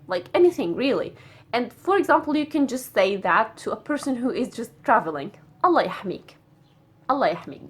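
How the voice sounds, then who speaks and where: Lively woman teaching. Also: medium pitch, husky. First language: Arabic. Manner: animated, repeats phrases, acts out tones. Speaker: Arabic teacher. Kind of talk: casual spoken language lesson.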